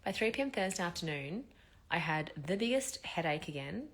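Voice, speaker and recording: A woman tells her story in a chatty, expressive way, blunt and ready to swear. Her voice sits low for a woman, and she sounds like someone recovering from surgery. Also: moderate pace. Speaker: vlogger. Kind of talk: casual storytelling.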